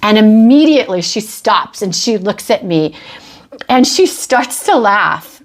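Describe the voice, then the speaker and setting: A woman's voice: medium pitch, sing-song, a little slow. A middle-aged woman hosting a podcast, telling a personal work story in a chatty, anecdotal way. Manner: chatty, anecdotal, with acted-out quotes. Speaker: podcast host and real estate agent. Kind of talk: storytelling monologue.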